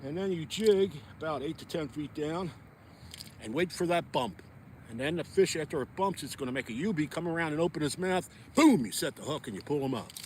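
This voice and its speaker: A man's voice: a little high, animated, fairly quick, a little hiss or hum. Chatty man vlogging out on the ice. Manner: chatty, folksy, talks to viewers. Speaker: fishing vlogger. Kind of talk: casual outdoor vlog talk. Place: outdoors on a frozen lake.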